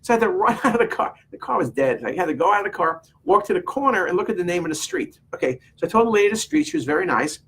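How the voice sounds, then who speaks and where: Husky man telling an exasperated story. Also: sits high, sing-song, very fast, few pauses, fairly bright tone. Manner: rambling, exasperated storytelling with quoted exchanges. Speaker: vlogger telling a personal story. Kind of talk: casual anecdote to camera.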